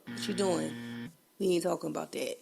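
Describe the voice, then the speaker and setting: A woman's voice: deep voice, a little fast, gravelly, darkish tone, soft background music, voice pushed down. A woman putting on the voice of a firm grown man who cuts off gossip with emphatic, repeated interjections, while congested. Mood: shutting down.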